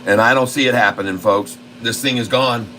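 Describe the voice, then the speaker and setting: Male trading host, live commentary, folksy and excitable, bright sharp tone. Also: medium pitch, fairly quick, a little hiss or hum, rough recording. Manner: folksy and excitable, keeps addressing the viewers. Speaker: stock trading channel host.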